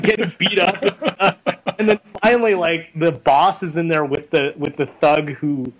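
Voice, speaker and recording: A young man with a slightly higher-than-average voice chats as an interview guest. He rambles through stories with lots of "like" and "um", getting animated as he goes. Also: moderate pace, poor audio. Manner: rambling, animated storyteller with many fillers. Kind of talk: casual chat.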